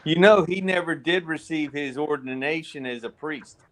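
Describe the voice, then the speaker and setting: A man taking part in a casual online chat, talking in a relaxed way with some restarts. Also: on the high side, moderate pace, a little hiss or hum, poor audio.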